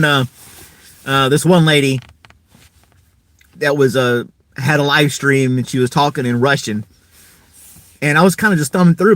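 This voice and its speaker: A man's voice: on the high side, fairly bright tone, no echo. A man hosting a casual live stream, rambling in an easygoing way and chuckling often.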